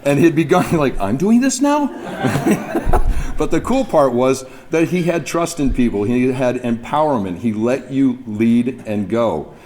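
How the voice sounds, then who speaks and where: A man's voice: mid-range voice, moderate pace, few pauses, darkish tone. Man at a podium, anecdotal and chuckling, noisy speech recording. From New Brunswick, Canada. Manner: storytelling, chuckling, imitates others. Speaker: speaker at a memorial event. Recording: mic speech with background noise.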